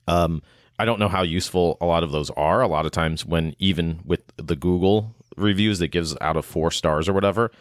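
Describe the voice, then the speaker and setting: A low-voiced man co-hosts a podcast, chatting casually in a rambling, hesitant way full of fillers. The recording is studio quality with no echo.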